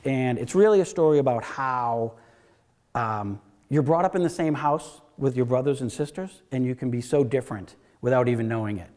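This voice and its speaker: A man's voice: medium pitch, normal speed, darkish tone. A man in his fifties giving a casual, rambling storytelling talk at a library event, full of asides and acted-out quotes. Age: 50s. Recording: long hall reverb.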